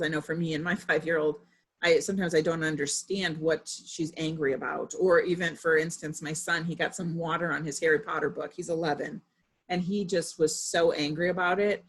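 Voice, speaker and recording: A woman's voice: fairly low pitch, husky. A woman in her thirties, a parent, giving a casual presentation to parents, chatty and full of personal examples. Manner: conversational, with frequent fillers and personal anecdotes.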